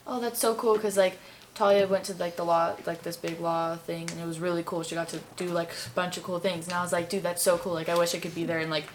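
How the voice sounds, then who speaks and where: A woman's voice: fairly low pitch, little pitch movement, fast talker, slight background noise. A young woman rambling in a casual group discussion, full of "like" fillers. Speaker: discussion participant.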